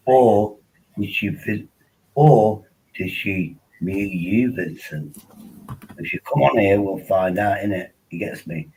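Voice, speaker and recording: A man's voice: fairly low pitch, slow, warm tone, slightly rough, low-quality recording. A man hosting a casual livestream, rambling and joking while tipsy on wine, often repeating himself. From England. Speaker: livestream host.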